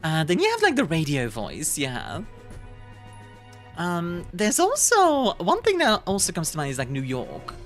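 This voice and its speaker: A woman streamer with a fairly low voice and big pitch swings talks a little slowly as she casually reads messages from viewers. She's giggly and rambles, restarting her sentences a lot, while quiet music plays behind her.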